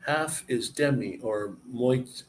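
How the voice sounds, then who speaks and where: A man chatting casually and explaining words, halting and searching for words as he goes. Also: medium pitch, a little hiss or hum. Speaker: person explaining language to a visitor. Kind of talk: casual chat.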